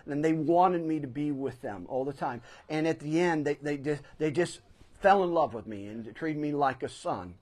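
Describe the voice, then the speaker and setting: Pastor guy preaching sunday sermon, bit higher voice, storytelling, leans hard on key bits. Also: normal speed. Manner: storytelling, emphatic swells on key phrases. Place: church sanctuary.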